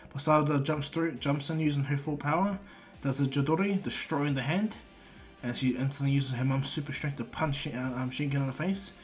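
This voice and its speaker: A man casually retelling a made-up cartoon story, rambling with many fillers. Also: on the high side.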